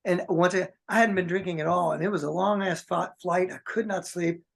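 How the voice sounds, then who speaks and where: A man's voice: sits high, fairly even intonation, a little fast, gravelly. A man being interviewed as a guest musician, telling a long anecdote in a rambling way with many restarts. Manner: rambling, many restarts, acts out quoted voices. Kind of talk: casual storytelling.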